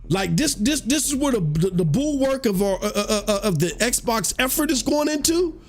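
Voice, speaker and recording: A man's voice: very high voice, moderate pace. A man hosting a casual gaming podcast, telling stories in slangy, profane talk and acting out quotes in a raised voice. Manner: animated storytelling, slangy, swears freely, acts out quotes in a raised voice. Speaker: podcast host.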